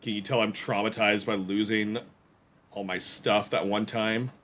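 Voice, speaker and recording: A man with a lowish, slightly bright voice keeps a level tone and an unhurried pace. While streaming a survival game he gives casual commentary, wandering off into self-deprecating jokes and playful comments to his chat.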